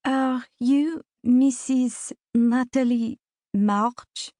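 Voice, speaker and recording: A woman voicing a shy, fidgety young Russian woman who speaks soft, halting broken English with a Russian accent. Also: a little high, steady tone, dry recording, clean studio sound, voice pushed up. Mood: timid.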